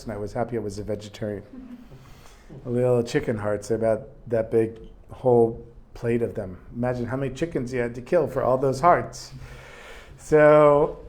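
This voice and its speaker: A man's voice: mid-range voice, darkish tone. A man teaching a religious lesson in a casual storytelling manner, with asides. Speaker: Torah teacher.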